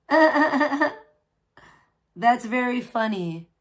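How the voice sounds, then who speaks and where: Chatty woman streamer, slightly high voice. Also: lively intonation, extremely slow, a bit bright. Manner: rambling, chatty, frequent laughs; reads and answers chat. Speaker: livestream host. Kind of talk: casual live-stream chat.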